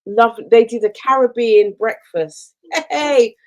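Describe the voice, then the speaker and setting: A woman co-hosting a radio chat show, telling personal stories in an expressive way. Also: a little high, slow, low-quality recording. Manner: warm storytelling, expressive.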